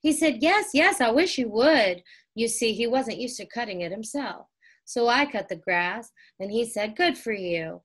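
A woman voicing Henry, a cheerful older boy telling his siblings about his day, with a bright storybook lift on excited words. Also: fairly high pitch, unhurried. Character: eager older boy, the kind big brother.

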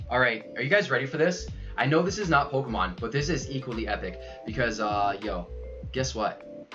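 A young man livestreaming a card unboxing, excitable and loud, saying yo over and over and laughing as he goes. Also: fairly low pitch, lo-fi sound. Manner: hyped, keeps saying yo, yells and laughs. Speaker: streamer unboxing trading cards. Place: his room at home.

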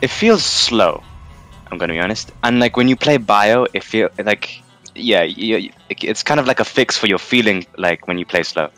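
Man, low voice, swooping lively delivery, rambling jokey game caster, faint music behind. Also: normal speed. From London, England. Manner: rambling and jokey, laughs often. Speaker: tournament caster. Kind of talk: casual game commentary.

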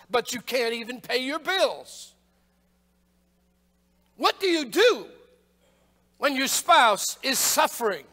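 A male pastor preaching a sermon, emphatic, building to shouts on rhetorical questions. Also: extremely high pitch. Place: church sanctuary. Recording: long church hall reverb.

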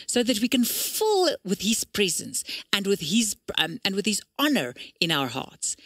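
Lively storytelling woman, children's lesson. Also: sits high, no room sound, clean studio sound. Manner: animated, expressive storytelling. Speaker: children's church speaker.

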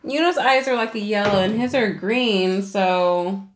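A woman co-hosting an anime reaction video, musing out loud in casual chat with lots of "like". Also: mid-range voice, measured pace, echoey room. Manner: rambling, speculative, lots of "like". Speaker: co-host of an anime reaction channel.

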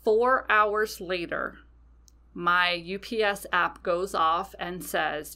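A woman's voice: on the low side, takes it slowly, creaky, sharp tone. A woman hosting a podcast, telling a personal story casually and animatedly, swearing freely. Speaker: podcast host.

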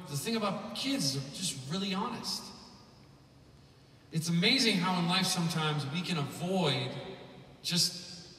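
A man's voice: a little high, sharp tone, slight background noise. A man in his thirties, a musician giving a humorous, rambling keynote with lots of fillers, heard from afar at a conference. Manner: rambling, joking, chatty with many fillers. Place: large conference hall. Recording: echoey hall, from far off.

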